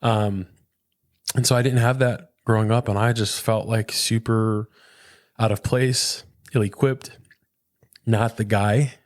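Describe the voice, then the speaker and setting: Earnest low-voiced man, dry close sound. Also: fairly even intonation, slow pace, long pauses, dry recording. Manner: earnest, reflective, says "man" and "dude" often. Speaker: pastor, podcast guest. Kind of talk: casual conversational interview.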